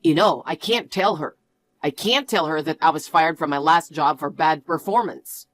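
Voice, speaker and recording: A woman's voice: deep voice, normal speed, fairly bright tone. A woman voicing a defensive jobless fiancé. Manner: defensive and bossy. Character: irritable young adult man, a jobless fiancé. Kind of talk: storytelling with acted dialogue.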